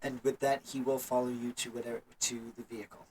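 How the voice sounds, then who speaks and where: A man narrating a tabletop game as game master, calm and soft-spoken. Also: mid-range voice, fast talker, breathy edge, poor audio.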